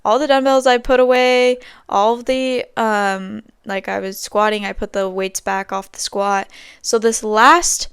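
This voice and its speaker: Rambling, filler-heavy storytelling comes from a young woman hosting a casual podcast chat. Her medium-pitched voice is steady and unhurried, recorded dry with a clean, studio-quality tone.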